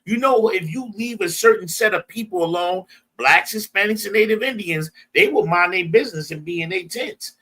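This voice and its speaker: A man's voice: sits high, moderate pace, hardly any pauses, bright, forceful tone. A man with an American accent teaching a bible class, emphatic, prompting a reader and retelling verses in everyday slang. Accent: American English. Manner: emphatic, call-and-response, paraphrases verses in slang.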